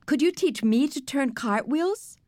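A woman's voice: a little high, animated, normal speed, no echo, lightly acted. A woman voicing a bossy, dramatic young girl who gushes and scolds. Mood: gushing. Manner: gushing and bossy.

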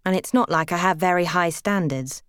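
Young woman, smooth clear voice, dry close studio sound, wry first-person audiobook narration. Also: lowish voice, normal speed, no echo. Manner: wry, lively and expressive.

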